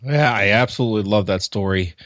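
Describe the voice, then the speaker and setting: A man hosting an interview, asking warm questions in a halting way, with many fillers. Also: lowish voice, no room sound, muffled recording. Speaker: interview host.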